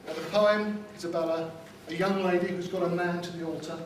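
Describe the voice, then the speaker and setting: A man's voice: high voice, fairly even intonation, fairly quick, noisy background. A man from London giving a wedding speech to the guests, delivering wry jokes and punchlines. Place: wedding reception hall. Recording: distant mic in echoey room with loud ambience.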